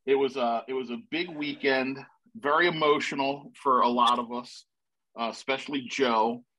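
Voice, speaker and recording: A man, a panel guest, telling a rambling, excitable story in a casual way with many restarts. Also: mid-range voice, normal speed, rough recording.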